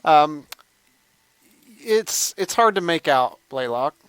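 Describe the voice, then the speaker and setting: A man's voice: fairly high pitch, lively intonation, takes it slowly, a bit bright, smooth, dry recording. A man running a tabletop game as game master, easygoing, sometimes stumbling over words.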